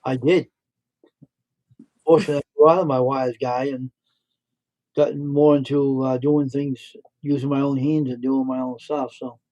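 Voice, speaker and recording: A man's voice: medium pitch, flat delivery, moderate pace, long pauses, mellow, poor audio. A middle-aged man hosting a livestream, telling rambling stories and repeating himself. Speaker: livestream host. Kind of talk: casual storytelling.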